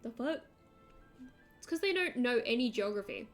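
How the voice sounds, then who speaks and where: An Australian woman streaming a game, chatting casually in an excitable, rambling way. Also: a little high, normal speed, faint music behind. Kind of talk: casual chat while gaming.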